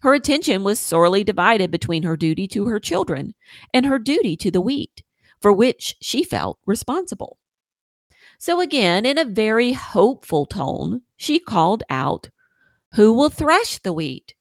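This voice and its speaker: A woman reads a children's story aloud with a lively, sing-song delivery, her pitch rising and falling all through each line. Her voice sits in a middle range. The sound is close and dry, with no room around it. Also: moderate pace, dry recording. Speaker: podcast host reading a story.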